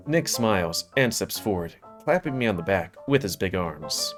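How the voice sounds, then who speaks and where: A man with a lowish voice reads a visual novel aloud, narrating casually and briskly. Faint music plays beneath him. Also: animated. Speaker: game reader.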